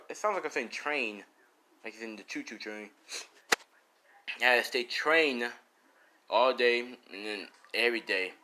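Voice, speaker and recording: A man's voice: mid-range voice, bright, forceful tone. A man narrating an improvised fan story in a rambling, self-correcting way, with casual swearing.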